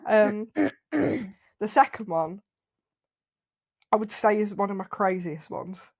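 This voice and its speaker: A young woman, co-hosting a podcast and telling a story in a casual, animated way, swearing and laughing often. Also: mid-range voice, slow pace. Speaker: podcast co-host.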